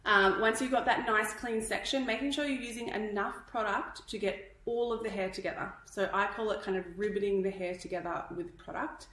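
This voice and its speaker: A woman's voice: mid-range voice, steady tone, brisk, few pauses, fairly bright tone, slight background noise. Breathless hair teacher lady, chatty, keeps saying okay?, echoey room. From Australia. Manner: chatty, instructive, checks in with "okay?". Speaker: hairdressing educator. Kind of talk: live tutorial.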